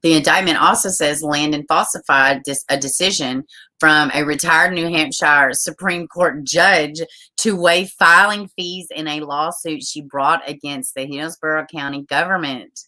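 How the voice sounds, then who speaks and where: A woman hosting a casual live stream, reading news stories and viewer comments aloud, chatty and quick to laugh. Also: sits low, fairly even intonation, sharp tone. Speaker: livestream host.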